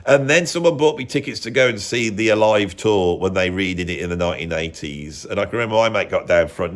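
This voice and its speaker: A man's voice: mid-range voice, fairly bright tone. A British man in his fifties, a music vlogger giving a rambling, mocking casual rant peppered with mild swearing. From Britain.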